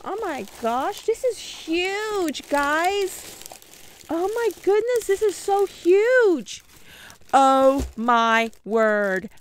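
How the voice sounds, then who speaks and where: Giddy and gushing, a paper crafting vlogger from the United States opens a craft swap on camera, chatting casually with frequent exclamations and laughter. She speaks very slowly in a very high, very animated voice over a little hiss or hum.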